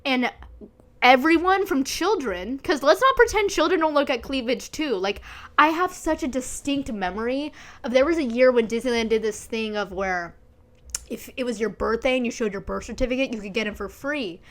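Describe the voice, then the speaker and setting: A woman's voice: high voice, expressive, moderate pace. Giggly young woman, candid chat. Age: 20s. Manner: candid and giggly, swears freely. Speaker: podcast host. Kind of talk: casual chat.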